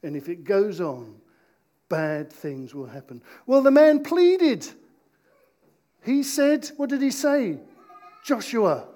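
A man preaching an interactive sermon in church, playful with his volunteers and slowing down to stress key points. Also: sits high, big pitch swings, dark tone. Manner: playful, slows down for emphasis.

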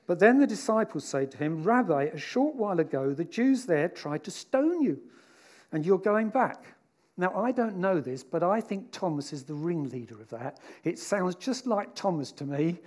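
A man giving a sermon in a relaxed, conversational way. His voice sits a little high for a man, and he often slips into the voices of the people in his story. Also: moderate pace. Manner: conversational and animated, voicing the disciples. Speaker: preacher.

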